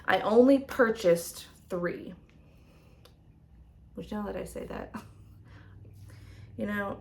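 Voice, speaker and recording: A woman's voice: mid-range voice, extremely slow, creaky, pauses often. A woman vlogger chatting casually as she shows her tarot decks, rambling with lots of fillers. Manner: rambling, soft-spoken, many fillers.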